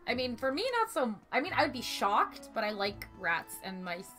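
A woman streaming a video game, chatting casually, swearing freely and breaking into sudden loud exclamations. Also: fairly high pitch, sing-song, normal speed, soft background music. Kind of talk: casual gaming commentary.

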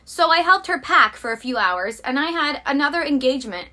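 A woman's voice: sits high, animated, fairly quick, pushed and bright. A woman vlogger giving blunt, emphatic advice and telling personal anecdotes.

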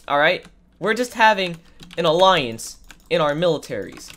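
A woman's voice: on the low side, big pitch swings, normal speed, fairly bright tone. A woman giving sarcastic, dramatic gameplay commentary while sick, her voice nasal and congested. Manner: sarcastic, exclaiming, dramatic mock complaints. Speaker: gaming video creator.

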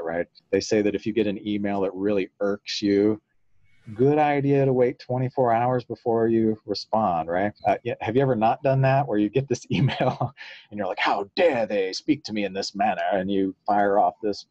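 This psychologist interview guest speaks in a lowish voice at a moderate pace, recorded lo-fi with no echo. He tells stories to get ideas across, voicing quotes and chuckling frequently in an easygoing way.

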